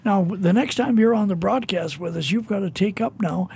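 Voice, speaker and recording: A high-pitched man with a gravelly, husky voice hosts a radio broadcast. He talks in a folksy, affirming way, praising his guest's story. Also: moderate pace, mellow. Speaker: radio host. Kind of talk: radio interview.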